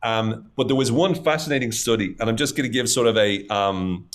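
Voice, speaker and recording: A man's voice: fairly low pitch, fairly quick. A man talking as a podcast guest, explaining ideas in casual conversation, with many fillers and lists of examples. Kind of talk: casual interview talk.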